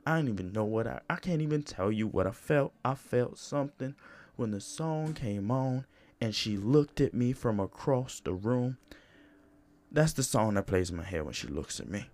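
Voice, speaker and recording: With a medium-pitched, darkish voice and lively intonation, a young man hosts a solo podcast at a moderate pace. He rambles casually and profanely, often saying "you know" and restarting his sentences.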